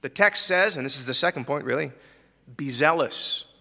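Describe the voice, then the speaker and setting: A pastor preaches emphatically to his congregation, piling on rhetorical questions, with a long hall reverb around him. His voice is a little high, creaky, pushed and bright, with lively intonation at a moderate pace.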